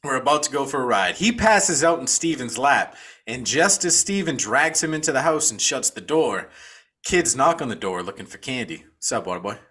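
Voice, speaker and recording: A man's voice: medium pitch, animated, moderate pace, sharp tone, slightly rough. A man co-hosting a podcast, recapping a film in a casual, profane storytelling way. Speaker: podcast co-host.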